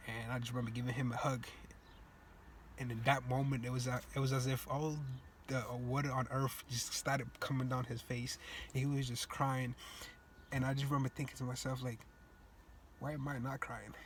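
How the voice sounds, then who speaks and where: A man's voice: mid-range voice, slight background noise. A young man from Cape Verde telling a personal story, earnest and reflective, with loose casual grammar. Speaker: student speaker.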